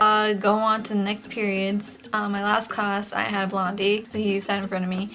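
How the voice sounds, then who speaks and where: A young woman vlogger tells a story from her school days in a chatty, animated manner, peppering her speech with "like." Her voice sits in a middle register and jumps up in pitch when she gets excited. Soft music runs quietly in the background. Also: moderate pace, hardly any pauses. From Mexican heritage. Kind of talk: casual storytime vlog.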